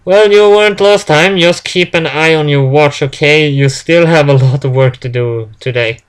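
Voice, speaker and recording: A man's voice: fairly high pitch, moderate pace, smooth, natural voice. A man voicing a strict, fussy male lab supervisor who nags and checks the work. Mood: stern. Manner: stern, nagging.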